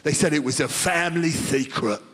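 A man voicing a rambling, odd older male taxi driver with a Cockney accent, speaking low and droning. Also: fairly quick, fairly bright tone, in a large hall. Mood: deadpan. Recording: live theatre crowd and noise.

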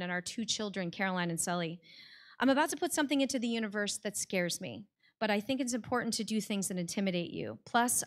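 A woman's voice: medium pitch, a bit bright. An American woman telling a personal story on stage before a live audience, in a heartfelt conversational way with many "like" fillers.

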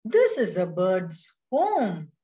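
A woman's voice: on the low side, huge pitch swings, slow pace, mellow, far from the mic, heavily acted. A woman doing a lost little bee. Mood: protesting. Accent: Indian English. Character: small lost worried bee.

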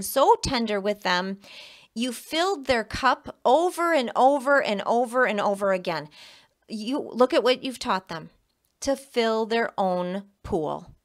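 A woman giving a casual tarot reading to the camera, emphatic and repeating herself, with a frequent "okay?". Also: on the high side. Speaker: tarot reader.

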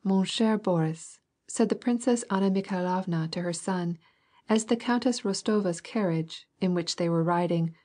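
Audiobook narrator, woman, steady measured reading, dark and slightly husky voice. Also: mid-range voice. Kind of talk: scripted narration of a classic novel.

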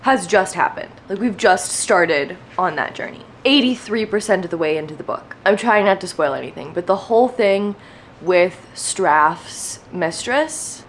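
A woman's voice: lowish voice, a little slow, slight background noise. Young female book vlogger, casual and emphatic, frustrated ranting delivery. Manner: exasperated, emphatic, animated ranting. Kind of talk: casual vlog rant.

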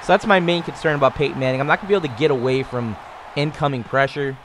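A man in his twenties casually commentating on his own football video game, getting louder and higher on big plays. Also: rapid-fire, slight background noise. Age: 20s. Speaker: gaming YouTuber.

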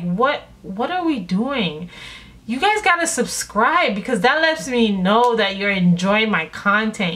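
A young woman vlogger casually telling a storytime, acting out her own and her mother's lines. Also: medium pitch. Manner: animated storyteller acting out quotes.

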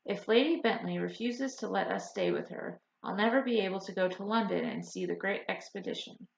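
A woman's voice: mid-range voice, very animated, fairly quick, creaky. A woman voicing an earnest young woman who longs to be an inventor, pleading and restless in an audiobook. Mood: eager. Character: eager young woman, anxious dreamer wanting to invent. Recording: roomy, slightly dull audiobook recording.

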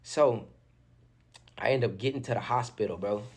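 Husky young man telling a wild story. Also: on the low side, moderate pace. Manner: animated, slangy retelling with many fillers. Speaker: storyteller in a played interview clip. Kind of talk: casual storytelling.

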